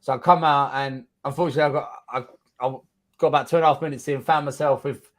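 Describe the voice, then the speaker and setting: A man's voice: medium pitch, fairly even intonation, fast talker. A man in his thirties with a London accent, telling his story in a casual interview, blunt and swearing freely as he acts out what people said. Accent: London English. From England. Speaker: guest fighter.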